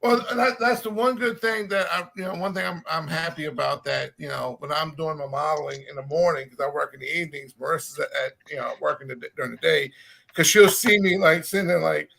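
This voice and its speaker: A man's voice: on the high side, brisk, vocal fry, bright, forceful tone. A man chatting casually on a live hobby hangout, rambling in stop-start phrases and swearing freely. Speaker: hobby stream participant. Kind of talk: casual chat.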